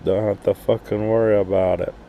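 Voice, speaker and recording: A man's voice: on the low side, little pitch movement, brisk, phone-quality sound, a little hiss or hum. A man in a profane, blunt, rambling casual rant, recorded outdoors at night at an RV park. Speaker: RV vlogger.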